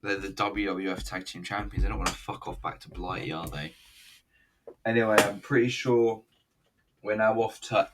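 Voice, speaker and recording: A man's voice: fairly low pitch, fairly even intonation, moderate pace, distant mic, heavy background noise. A man casually reviewing an old wrestling event, rambling, swearing and joking as he watches. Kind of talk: casual video commentary.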